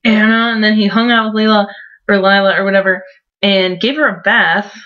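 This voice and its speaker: A woman's voice: mid-range voice, fairly even intonation, fairly quick. Young woman in her 20s, sarcastic vlogger, mocking book recap, muffled lo-fi sound. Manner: mocking, sarcastic, heavy use of "like". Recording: dull lo-fi home recording.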